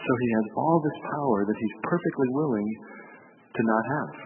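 A man's voice: medium pitch, normal speed, background noise. A man preaching a sermon, telling the story with animation and acting out the voices of the people in it. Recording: phone-like broadcast with long hall reverb.

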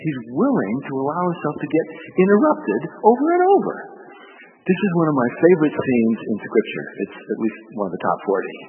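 A man preaches a sermon and tells the story with animation, playing out each quoted voice. His pitch rises and falls widely. The sound is thin and phone-like, with a long reverb from a large hall. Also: very animated, brisk, faint music behind.

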